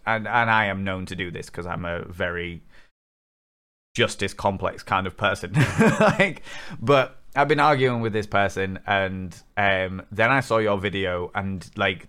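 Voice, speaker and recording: Low-voiced, earnest male podcast host. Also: pushed and bright, smooth. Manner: earnest, rambling, impassioned. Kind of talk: casual interview chat.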